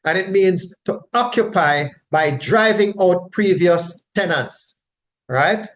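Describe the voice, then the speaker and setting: A man's voice: high voice, animated, a bit bright. A man teaching the Bible verse by verse in an explanatory way, often checking in with his listeners. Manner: unhurried, explanatory, frequent tag questions.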